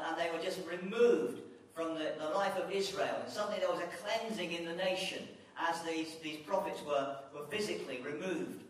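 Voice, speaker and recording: A man delivers a sermon with impassioned repetition and restarts. His voice sits high. He is heard from a distance in a strongly echoing hall. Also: slight background noise. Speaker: visiting preacher. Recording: echoey hall, distant mic.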